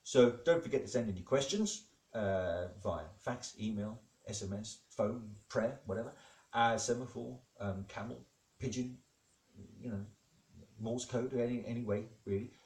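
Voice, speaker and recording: A man hosting a comedy show as God, telling jokes in a rambling, deadpan way with many fillers. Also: medium pitch, unhurried. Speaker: comedic host playing God. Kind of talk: improvised comedy monologue. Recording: echoey room.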